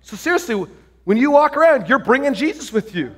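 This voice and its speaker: A man preaches to a congregation with a fairly high voice. He tells stories with lots of excitement and often breaks off mid-sentence to start over. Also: brisk. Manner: excited, storytelling, many restarts and fillers. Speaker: pastor. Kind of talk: sermon.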